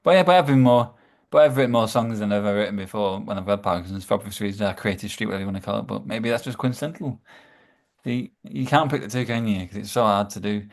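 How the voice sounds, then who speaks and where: A man chatting casually as a podcast guest, stumbling over his words and repeating himself as he goes. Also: lowish voice. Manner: halting, repeats words, trails off.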